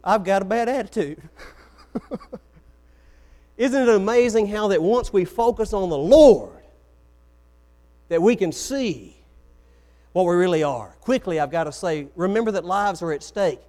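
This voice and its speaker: A man's voice: high voice, animated, measured pace, pauses often, warm tone. A man preaching a sermon, telling stories and acting out the quoted voices. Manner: storytelling, acts out quoted voices.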